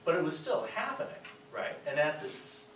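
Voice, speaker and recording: Speaking a little high and in a sing-song way, this middle-aged Chicagoan delivers a guest lecture at normal speed with a fairly bright tone. He often asks the class "right?" In the echoey college classroom, picked up by a far-off mic, there's slight background noise.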